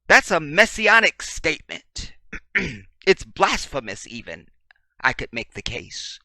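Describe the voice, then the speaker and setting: Speaking slowly on a dry, echo-free recording, a commentary channel host delivers a preachy monologue. His lively voice is bright and forceful, and he repeats his points insistently, dropping from almost shouting to quiet murmurs.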